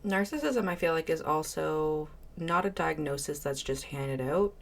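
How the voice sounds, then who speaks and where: A woman with a notably low voice hosts a reaction video. She comments bluntly and with firm opinions, pausing to read viewer messages aloud. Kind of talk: casual commentary reacting to a clip.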